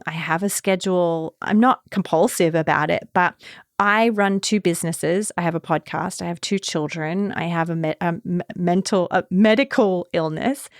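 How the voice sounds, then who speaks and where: A woman hosting a podcast, telling a personal story in a casual, animated way and acting out her own reactions with big jumps in pitch. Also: no echo, clean studio sound. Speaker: podcast host. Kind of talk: casual solo podcast talk.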